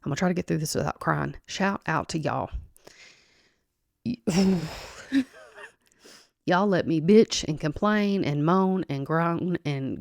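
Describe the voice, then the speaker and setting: A woman's voice: fairly low pitch, darkish tone, no echo, clean studio sound. A woman hosting a solo podcast, talking casually to her listeners in a chatty, rambling way with frequent laughs. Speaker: podcast host.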